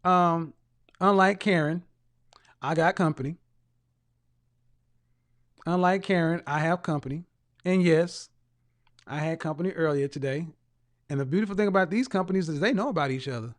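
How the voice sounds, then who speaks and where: A man's voice: a little high, normal speed, pauses often. A man hosting a live stream, reading viewer comments aloud and mocking them with teasing rhetorical questions and bursts of laughter.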